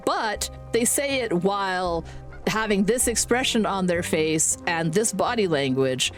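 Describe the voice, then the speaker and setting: A woman in her forties chatting casually on a live game stream, rambling, swearing casually and laughing often. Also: lowish voice. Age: 40s. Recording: faint music behind.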